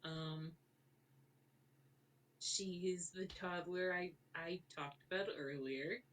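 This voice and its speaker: A woman's voice: fairly low pitch, very slow, recorded from a distance. A woman running a tabletop game as game master, describing the scene in a rambling way with many fillers and restarts.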